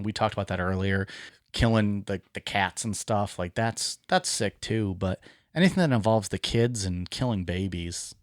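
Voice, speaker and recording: A man's voice: on the low side, dry recording, clean studio sound. A man co-hosting a podcast in casual chat, talking bluntly, swearing freely and chiming in over the others. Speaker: podcast co-host.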